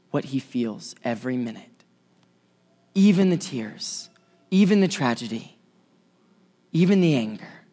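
A man preaching a sermon with passion, swinging between loud urgent stretches and soft quiet ones. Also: medium pitch. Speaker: pastor. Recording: long hall reverb.

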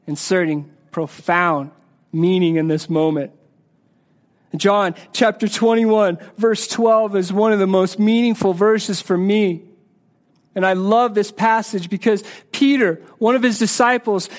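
A man preaching a sermon in a church, earnest, often repeating words and dropping soft and low on key phrases. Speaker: pastor.

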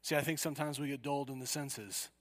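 A man preaching a sermon, telling a story with sudden loud cries. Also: medium pitch, steady tone, fast talker, in a large hall.

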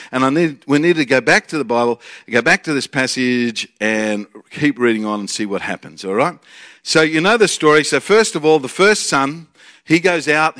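A man with an Australian accent preaching a sermon, excitable and jokey, swinging from loud bursts to quiet asides. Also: medium pitch. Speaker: preacher and Bible college teacher.

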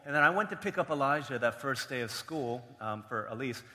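A man's voice: mid-range voice, animated, brisk, pushed and bright, big-room sound. A man preaching a sermon, telling a family story with playful quoted voices. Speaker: pastor.

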